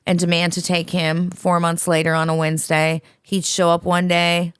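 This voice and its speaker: A woman's voice: fairly low pitch, monotone, normal speed, smooth, no room sound, clean studio sound. A woman co-hosting a podcast, reading a listener's letter aloud in a blunt, profane, dramatic way.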